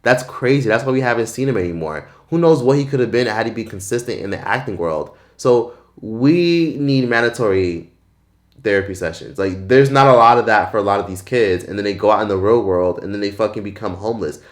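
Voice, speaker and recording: A Canadian-accented man vlogging casual opinions in a blunt, profane, animated way. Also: lowish voice, brisk.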